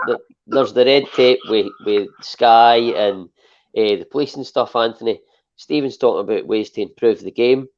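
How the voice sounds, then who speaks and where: Low-voiced Scottish podcast host. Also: male voice. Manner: chatty, with lots of fillers like "obviously". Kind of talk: casual football podcast chat. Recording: dull lo-fi podcast audio.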